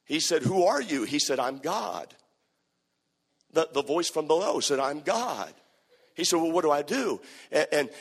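A high-pitched man delivers a sermon with emphatic, repeated phrases. His voice carries a long reverb tail from a church. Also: fairly bright tone, breathy edge. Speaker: preacher. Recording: hall reverb.

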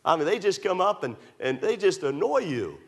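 A man preaching a sermon, emphatic and repetitive, rising to loud pleas and dropping to quiet asides. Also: high voice, very animated, normal speed. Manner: emphatic, repetitive, swings between loud pleading and hushed asides. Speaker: pastor.

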